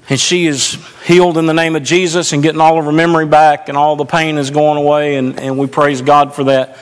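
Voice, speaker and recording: A man's voice: on the high side, big-room sound. A man serving as pastor, delivering a folksy, chatty storytelling sermon.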